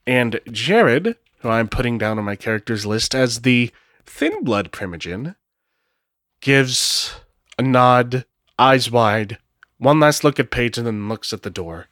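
A man's voice: mid-range voice, sing-song, slow, fairly bright tone, no echo, clean studio sound. A man narrating a solo tabletop role-playing game, thinking aloud in a casual way and swearing now and then. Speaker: game master.

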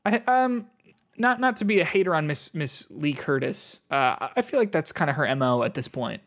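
A man co-hosting a casual podcast, chatty and full of ums and restarts. His fairly high voice swings widely in pitch as he talks. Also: lively intonation, moderate pace, fairly bright tone. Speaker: podcast co-host. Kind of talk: casual chat.

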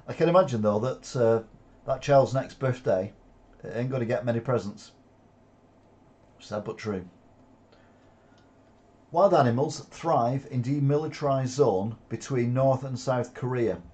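A man with a mellow, dark-toned voice reads headlines and cuts in with sardonic opinions. He swears freely and chuckles at the absurd stories. It sounds like a casual news commentary vlog. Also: mid-range voice, slow pace, pauses often.

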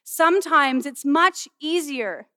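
Animated bright-voiced woman preaching. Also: high-pitched, slow, dry recording, studio quality. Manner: animated, humorous, conversational preaching. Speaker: pastor and student chapel speaker. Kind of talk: sermon with object lesson.

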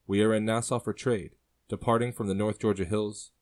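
A man voicing a sly, determined young woman in a storybook reading, teasing and quick-witted. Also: fairly low pitch, steady tone, darkish tone, close to an everyday voice.

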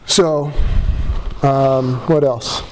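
A man's voice: mid-range voice, fairly even intonation, drawn-out words, slight background noise. A man speaking at a recovery meeting to a live audience, candid and self-deprecating, rambling with restarts, his voice cracking with emotion. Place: meeting room before an audience.

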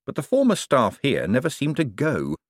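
A man reading an audiobook aloud in scripted narration, lively and expressive. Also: medium pitch, normal speed, no room sound, studio quality.

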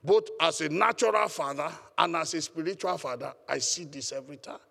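A man's voice: fairly high pitch, fairly quick, creaky, pushed and bright, big-room sound. A man preaching a sermon as pastor, emphatic and calling on the congregation to respond. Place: church hall.

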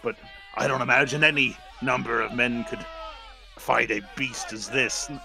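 A man's voice: mid-range voice, normal speed, vocal fry, lightly acted, low-quality recording. A man voicing a worried older male village father who speaks in a grave, cautious way.

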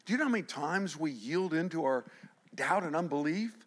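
A middle-aged man preaching a sermon, animated, swinging between loud emphasis and hushed passages. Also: fairly high pitch, brisk. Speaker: pastor.

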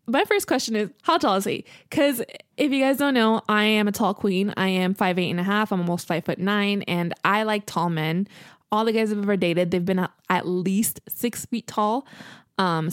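A woman's voice: medium pitch, dry recording, clean studio sound. Chatty young woman telling a story. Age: 20s. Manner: chatty, lots of "you know" and "like". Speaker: podcast co-host. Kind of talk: casual storytelling.

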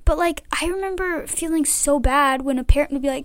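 A woman's voice: high voice, a little fast, fairly bright tone, no echo. A young woman hosting a casual chat, rambling with lots of fillers. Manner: rambling, many "like" and "I don't know" fillers. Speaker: podcast host.

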